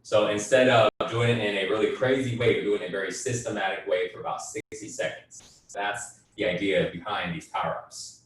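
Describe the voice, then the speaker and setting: Calm male workout coach in echoey room. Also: on the low side, moderate pace, recorded from a distance. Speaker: fitness and breathwork instructor. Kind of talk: guided group workout instruction.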